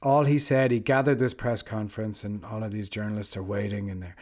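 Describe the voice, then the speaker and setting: A man co-hosting a casual podcast, telling lively anecdotes and laughing often. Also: fairly low pitch, brisk. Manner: animated storyteller, laughs often. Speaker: podcast co-host.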